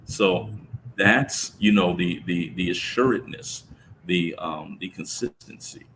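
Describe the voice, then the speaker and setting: Middle-aged man, very deep voice, gravelly, reflective halting storytelling, faint background hiss. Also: a bit bright, rough recording. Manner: reflective, halting, many restarts. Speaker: father telling his story. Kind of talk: conversational storytelling.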